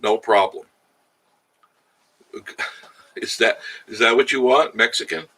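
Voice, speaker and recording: Out in the Smoky Mountains, a man hosts a casual live stream, greeting viewers by name and joking between laughs. His mid-range voice is sing-song and slow, creaky, husky, pushed and bright.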